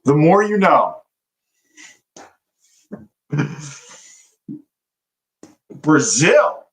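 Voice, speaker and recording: A man's voice: fairly high pitch, sing-song, very slow, poor audio. A young man day trading live, chatting loosely with his stream viewers and swearing now and then. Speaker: livestream day trader. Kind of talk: casual live-stream chat.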